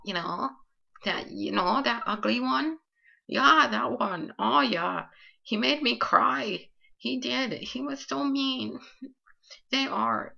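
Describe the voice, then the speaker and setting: Brief: woman playing a tearful, giggly ghast, slow and raspy-creaky, comic game skit. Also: on the high side, pushed and bright, heavily acted. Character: weepy female ghast, whiny, shoots fireballs. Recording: lo-fi dull recording.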